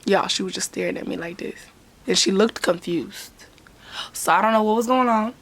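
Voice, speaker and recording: A woman hair braider telling a story in a casual, animated vlog. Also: medium pitch, normal speed. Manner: animated storytelling, talks with hands.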